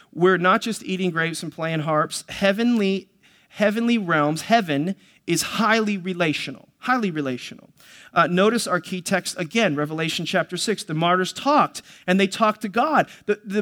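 A man's voice: high voice, fairly bright tone. A male pastor preaching a sermon, teaching earnestly with many fillers and restarts and reading scripture aloud.

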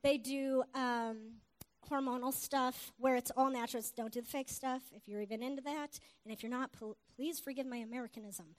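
A woman preacher giving a lively sermon, telling stories and calling out to her congregation. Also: sits high, brisk. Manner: animated, exclaims hallelujah, calls to the congregation. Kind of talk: sermon with storytelling.

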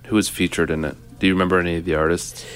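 A young man hosting a casual podcast chat with a friend, teasing and firing off quick questions. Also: deep voice, flat delivery, smooth. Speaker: podcast host.

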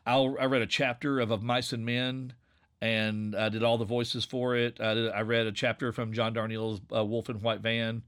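A man in his forties from Southwest Virginia with an Appalachian accent and a slightly nasal voice, chatting casually in a relaxed, rambling way. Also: mid-range voice, normal speed. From Southwest Virginia, USA. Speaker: podcast creator and narrator. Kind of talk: casual conversation.

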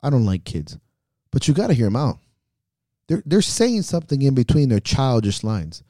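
A man's voice: medium pitch, sing-song, normal speed, mellow, no room sound, clean studio sound. Blunt, profane man ranting. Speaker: podcast co-host, meet promoter. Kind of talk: casual chat.

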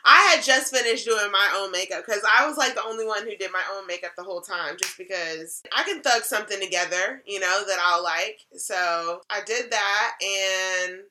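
A woman's voice: mid-range voice, normal speed, few pauses, pushed and bright, slight background noise. A woman co-hosting a casual chat, telling a story with lots of laughs and swearing.

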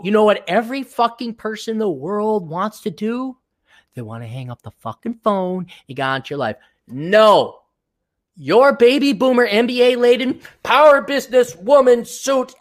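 Profane, animated male podcast host. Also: high voice. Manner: profane, exasperated, sarcastic. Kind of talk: ranting monologue.

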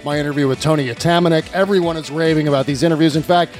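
High-voiced sarcastic male podcast host. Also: steady tone, racing, a little mellow, soft background music. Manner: sarcastic, laughs often. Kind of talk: casual political talk.

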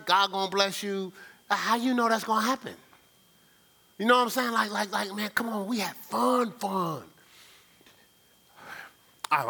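A man, a pastor, preaching a sermon in a colloquial, animated way, acting out little scenes in different voices. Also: high voice.

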